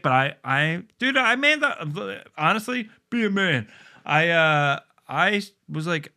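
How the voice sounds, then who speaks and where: A man's voice: a little high, lively intonation, a little slow, sharp tone. A man co-hosting a podcast, telling laid-back stories with plenty of swearing and laughter. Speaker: podcast co-host. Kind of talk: casual chat.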